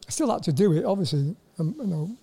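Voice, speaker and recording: Older Welsh man, high soft halting voice. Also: expressive, slightly rough. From Wales. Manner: halting, repeats words and fills with "you know". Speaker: guest, former footballer. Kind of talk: casual interview storytelling.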